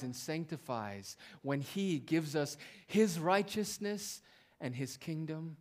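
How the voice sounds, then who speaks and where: A male preacher delivering a sermon, drawing out quiet phrases slowly and then rising to loud, emphatic declarations. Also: a little high, lively intonation. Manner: swings between hushed, drawn-out phrases and loud emphatic declarations.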